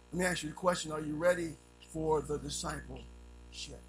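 A man preaching a sermon, telling a story with sound effects and swinging between loud and hushed delivery. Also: a little high, normal speed, poor audio.

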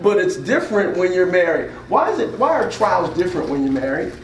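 High-voiced preacher in an echoey hall. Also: male voice, sing-song, a little fast, a little hiss or hum. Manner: call-and-response, asks the room questions. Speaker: pastor. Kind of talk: interactive sermon. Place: church hall.

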